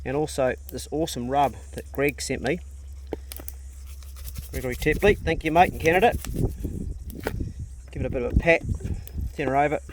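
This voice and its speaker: A middle-aged vlogger from New Zealand narrates his farm work outdoors in his New Zealand accent, filming on a handheld phone. His talk is laid-back and chatty, blunt and jokey, in a mid-range voice at normal speed. He pauses often, and a slight hiss or hum sits under the audio.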